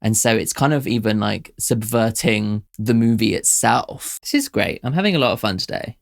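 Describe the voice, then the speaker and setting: A man hosting a music reaction show, thinking aloud casually, excitable, swearing freely and trailing off into musings. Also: fairly low pitch, normal speed, vocal fry. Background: music playing from the video.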